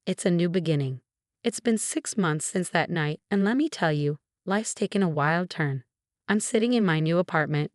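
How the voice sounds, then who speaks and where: A woman in her twenties narrating a first-person story in an even, measured reading. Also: lowish voice, dry recording, studio quality. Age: 20s.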